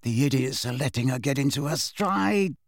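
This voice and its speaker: A man's voice: mid-range voice, lively intonation, moderate pace, creaky, no room sound, clean studio sound. A man doing a wry teenage twin.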